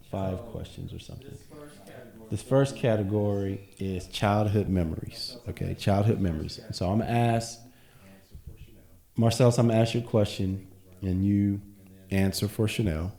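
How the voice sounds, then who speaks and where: On a casual podcast, a male co-host tells earnest stories and talks openly about his faith. His voice is on the low side, gravelly and dark, at a normal speed, in a roomy-sounding recording.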